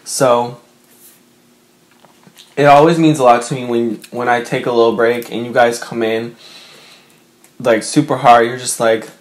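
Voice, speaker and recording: A man's voice: mid-range voice, flat delivery, unhurried, pauses often. A young man vlogging from his bedroom, chatting to his viewers in an emotional, rambling way with lots of fillers. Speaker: mukbang vlogger. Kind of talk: casual chat to camera.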